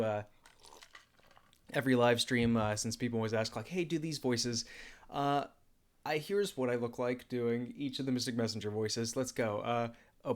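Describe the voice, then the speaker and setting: A young man hosting a casual livestream Q&A in a relaxed, laid-back way, with lots of filler words. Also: mid-range voice. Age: young adult. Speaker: YouTuber and comic dubber.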